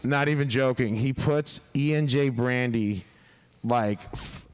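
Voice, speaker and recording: A man's voice: medium pitch, unhurried, clean tone. A man telling a long, rambling story as a podcast guest, swearing constantly and laughing along. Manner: profane, rambling, laughs through his stories. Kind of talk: casual storytelling.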